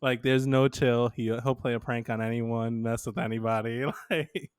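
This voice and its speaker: A laughing, animated man tells stories as a podcast co-host in casual chat, frequently acting out quotes. His medium-pitched voice is clear and resonant at a normal speed, with clean studio sound and no room sound.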